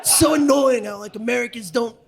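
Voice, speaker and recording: A man's voice: very high voice, brisk, vocal fry, full character voice. A man playing an annoyed, dismissive young woman with a huffy, exasperated manner, on a live comedy club recording with some background noise.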